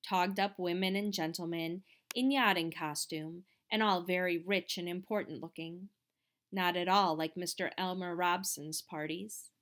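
A woman narrating an audiobook in a measured, expressive reading voice. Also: fairly low pitch. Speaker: audiobook reader.

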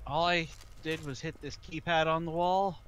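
A man's voice: a little high, fairly even intonation, normal speed, a bit bright, clean tone. A man chatting casually while playing a multiplayer game with friends, and he hesitates often with many fillers as he wraps up the session. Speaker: player wrapping up a group gaming session. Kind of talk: casual gaming chat.

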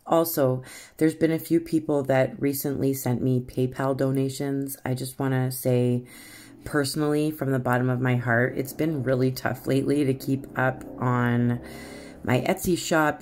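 Canadian woman, very deep voice, giggly chatty tutorial host, rambling. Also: darkish tone. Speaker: rock painting channel host. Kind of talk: casual painting tutorial chat.

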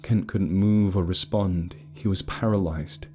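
Deep, slow horror narrator, husky and dark. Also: male voice, fairly even intonation. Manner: slow, measured, ominous delivery. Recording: faint eerie music behind.

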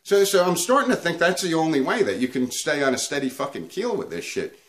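A man's voice: a little high, lively intonation, a little fast, a bit bright. A man hosting a comedic guitar video, ranting crudely and swearing nonstop. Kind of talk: profane comedic rant to camera.

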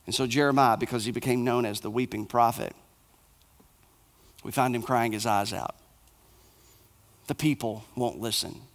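A male pastor preaching a sermon in short, repeated, emphatic phrases, dropping soft and low for the somber passages. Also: moderate pace, long pauses.

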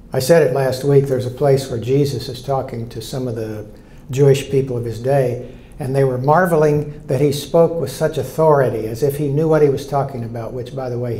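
A man's voice: mid-range voice, dark tone, roomy sound. A man in his sixties, a pastor preaching an earnest sermon and telling stories, often repeating key lines.

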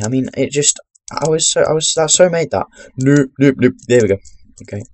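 A young man giving chatty, rambling commentary while playing a video game into his webcam microphone, breaking into sudden loud exclamations. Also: mid-range voice, expressive, brisk, few pauses. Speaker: gaming commentator. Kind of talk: chatty let's-play commentary.

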